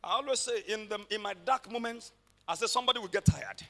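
A man preaches in a high, very bright, cutting voice. He tells his stories with drama and often builds up to shouts. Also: fast talker, gravelly. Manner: dramatic storytelling, shouting peaks. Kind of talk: sermon.

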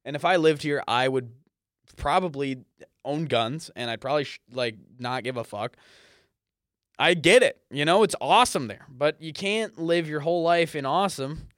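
A man's voice: on the high side, animated, normal speed, fairly bright tone, no echo, studio quality. Rambling, cursing young guy podcasting. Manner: rambling, profane, easily sidetracked. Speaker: podcast host. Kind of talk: casual solo podcast monologue. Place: apartment or small home studio.

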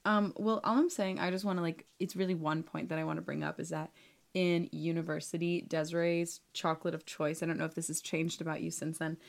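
A woman's voice: sits low, level tone, fairly quick, vocal fry. A woman co-hosting a podcast in casual chat, bubbly and teasing, laughing often. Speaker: podcast co-host. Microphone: call recording.

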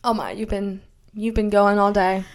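A woman co-hosting a podcast in casual chat, playful and giggly, a bit tipsy and high as she tells a story. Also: level tone, normal speed. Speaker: podcast co-host.

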